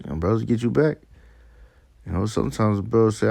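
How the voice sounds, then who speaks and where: A man with a very low, gravelly voice and a dark, mellow tone, speaking. He preaches in a loose, profane, emphatic way that mixes scripture with street stories. The sound is dry and close. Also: fast talker, no echo. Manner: profane, emphatic, laughs at his own stories. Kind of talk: casual preaching monologue.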